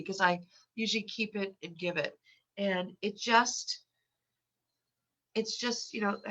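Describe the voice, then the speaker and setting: A woman's voice: mid-range voice, fairly bright tone. An older woman with a cold and a stuffy nose, a guest on a podcast interview, speaking with frequent stuttered repetitions and restarts. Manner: stutters with repeated sounds and restarts. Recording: muffled lo-fi audio.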